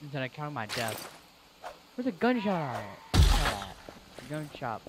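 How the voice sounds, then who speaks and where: Excitable gamer doing casual play-by-play commentary; animated pitch and lots of yelping, over a noisy hiss. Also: slow. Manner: excitable trash talk, yelps and gasps. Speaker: gamer playing online.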